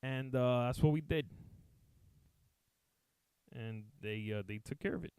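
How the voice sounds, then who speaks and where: A man's voice: medium pitch, a little slow, darkish tone, smooth, dry recording. A man, a comedian, telling a rambling, profane story casually to his live chat. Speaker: comedian and streamer.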